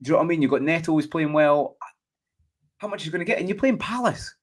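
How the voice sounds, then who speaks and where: Scottish man, animated casual football chat. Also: fairly high pitch, quick pace. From Scotland. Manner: animated, repeats "do you know what I mean". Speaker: podcast host.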